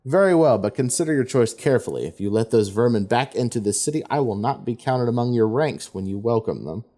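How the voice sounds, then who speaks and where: A man's voice: medium pitch, lively intonation, fairly quick, dark tone, lightly acted. A man reading the lines of a proud, bitter sorceress from a game, in a cold, warning tone.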